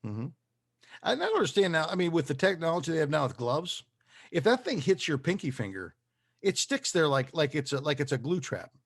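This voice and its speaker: A man co-hosting a casual sports chat, upbeat and quick to laugh. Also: a little high, sing-song, slightly rough. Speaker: podcast co-host.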